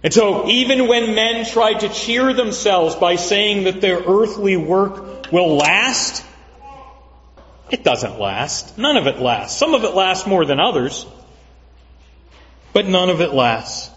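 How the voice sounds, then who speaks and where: A man preaching a sermon as pastor, earnest and measured, repeating phrases for emphasis. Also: high-pitched, big pitch swings, a bit bright, a little hiss or hum. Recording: dull lo-fi recording with long hall reverb.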